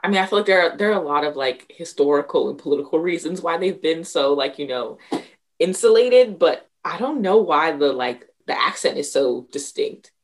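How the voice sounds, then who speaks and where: A woman's voice: deep voice, expressive, moderate pace. A young woman from the Washington DC area in casual chat, filler-heavy and laughing often.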